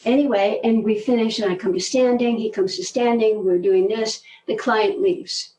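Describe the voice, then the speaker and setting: An older woman telling stories in a relaxed conversation, animated and laughing often, often trailing off mid-sentence. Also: fairly high pitch, normal speed, far from the mic, poor audio. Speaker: guest, movement teacher. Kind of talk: conversational storytelling.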